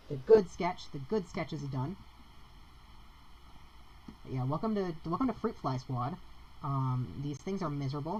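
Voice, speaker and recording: A woman's voice: sits low, darkish tone, lo-fi sound, slight background noise. A young woman chatting casually with her viewers while she draws live, rambling and reacting to the chat. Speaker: streamer drawing live.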